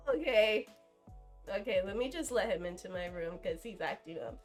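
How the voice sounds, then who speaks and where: Cooking in her kitchen at home, a young woman streams live and talks casually, giggling and using plenty of fillers. Her voice sits at medium pitch and runs a little fast, with faint music behind it. A tripod-mounted camera picks her up.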